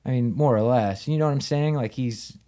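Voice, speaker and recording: A man's voice: mid-range voice, fairly quick, mellow. A man, a Muay Thai fighter and podcast guest, tells a story casually, acting out the quoted dialogue and swearing freely. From United States.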